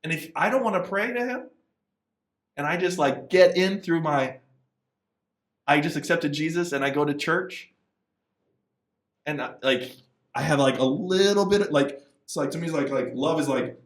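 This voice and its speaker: Animated man talking in a roomy space. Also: normal speed, long pauses, far from the mic. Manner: animated, acts out voices and quotes with big pitch jumps. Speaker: missionary guest. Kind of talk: casual interview conversation.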